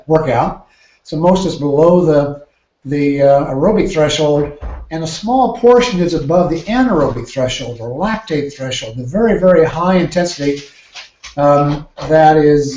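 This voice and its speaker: A man, a triathlon coach, explaining training ideas in a podcast interview with measured, careful phrasing and frequent restarts. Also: a little high, a little mellow. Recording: roomy, dull lo-fi sound.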